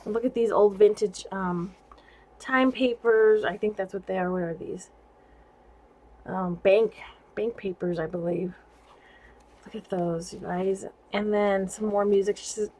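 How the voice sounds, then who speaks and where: A woman vlogging casually about craft gifts she received, gushing and excitable and laughing often, at home indoors. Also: medium pitch, a little slow, rough recording. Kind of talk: casual show-and-tell vlog.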